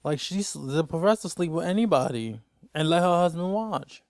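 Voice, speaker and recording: A man hosting a casual TV recap, ranting in an exasperated, rambling way. His voice sits a little high and comes across smooth and clear. The room is dry and close, with no echo. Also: lively intonation, moderate pace. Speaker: TV recap host.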